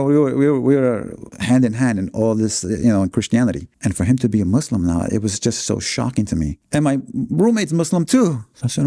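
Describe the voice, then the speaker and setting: A man's voice: medium pitch, dark tone, no room sound, studio quality. A man, earnestly telling his life story as an interview guest, full of fillers and restarts. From New York City, USA.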